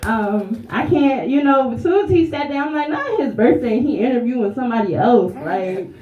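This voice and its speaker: A woman's voice: fairly high pitch, animated, fairly quick. Woman, audience member, rambling heartfelt tribute, echoey room, muffled sound. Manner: rambling, warm, laughing. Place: event room. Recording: roomy, dull lo-fi sound.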